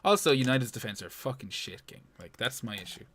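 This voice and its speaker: A man's voice: medium pitch, lively intonation, quick pace, a crowd in the background. A man co-hosting a podcast in casual chat, laid-back, swearing freely and using lots of fillers. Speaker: podcast co-host.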